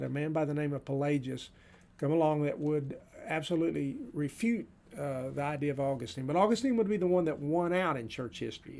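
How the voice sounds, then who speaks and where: A man's voice: mid-range voice, vocal fry, darkish tone. A middle-aged man teaching a church history class, reading quotations aloud between loose remarks with many fillers and restarts.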